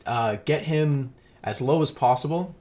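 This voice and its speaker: A man's voice: a little high, measured pace, a little mellow. A young man giving casual, rambling solo commentary on a match, eating while he talks and laughing at himself. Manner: rambling, self-deprecating, laughs often. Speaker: esports caster.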